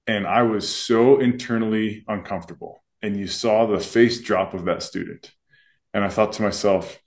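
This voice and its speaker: A brisk man with a lowish voice, an adult with children who works as a school administrator. On the podcast he co-hosts, he talks casually yet earnestly and reflectively as a school leader.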